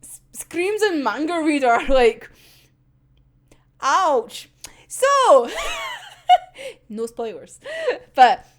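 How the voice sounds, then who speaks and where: Speaking very slowly with long pauses, a woman with a high-pitched voice and big pitch swings recaps an anime episode for her discussion vlog. She giggles often, swears freely, and voices the characters' lines herself.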